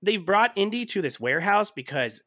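A man hosting a casual movie-review podcast, animated and laughing often, with plenty of fillers. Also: high voice, moderate pace, no room sound, clean studio sound. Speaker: podcast host.

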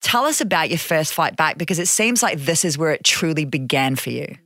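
A woman hosting a podcast, asking thoughtful questions in a measured, casual way. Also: low voice, sing-song, a bit bright, dry recording, clean studio sound. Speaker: podcast host. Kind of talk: casual interview talk.

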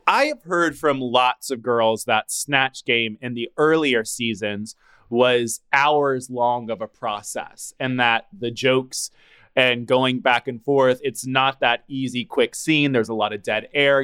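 Gossipy man telling a story, mid-pitched. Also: slow, a bit bright, smooth. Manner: gossipy storyteller, acts out quotes. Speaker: podcast co-host. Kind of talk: casual chat.

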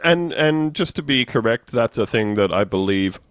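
A man's voice: medium pitch, lively intonation, moderate pace, fairly bright tone, smooth, no room sound. A man in a casual podcast chat, joking and laughing.

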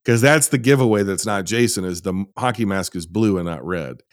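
A man's voice: lowish voice, fairly quick, dry recording. A man hosting a casual podcast chat, speaking sardonically. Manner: sardonic, animated. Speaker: podcast host.

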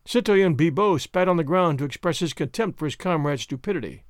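A man's voice: a little high, animated, a little fast, few pauses, no room sound, studio quality. A man narrating a classic novel as an audiobook, reading expressively.

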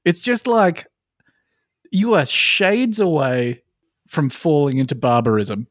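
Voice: medium pitch, slow, dry recording, studio quality. A podcast co-host, ranting and swearing through loose comedic banter on a live online show. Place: home studio, live online stream.

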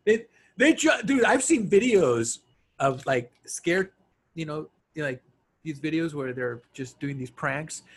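A young man trades stories in animated, casual talk. His voice is husky and high for a man, and it sinks low and quiet on heartfelt moments. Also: takes it slowly. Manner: animated storytelling, drops soft and low when serious. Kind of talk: casual chat.

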